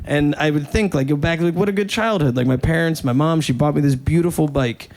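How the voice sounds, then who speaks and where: A man's voice: fairly high pitch, fairly quick, gravelly, a little mellow. A man from New York telling a rambling, profane, self-mocking story as a stand-up comedian. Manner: casual, profane and self-mocking, with many "like" fillers.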